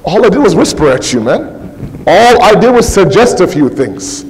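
A man's voice: sits high, sing-song, moderate pace, darkish tone, in a large hall, a little hiss or hum, low-quality recording. A man playing a male devil figure who casually protests that he only whispered and forced no one. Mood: protesting. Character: Shaitan, an excuse-making male tempter.

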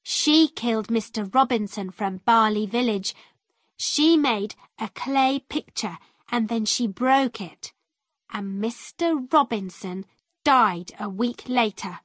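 A woman's voice: on the high side, takes it slowly, no echo, studio quality. A woman reading the lines of a proud, angry young village boy in a storybook, speaking bluntly and boastfully.

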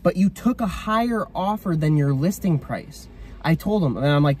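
A man's voice: a little high, lively intonation, moderate pace, a little mellow, breathy edge. A young man telling a reseller story in casual storytime style, blunt and fired up, quoting himself. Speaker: reseller vlogger.

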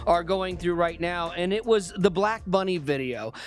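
Male host, high voice, upbeat questions, dry mic, faint music behind. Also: moderate pace. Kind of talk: interview questions.

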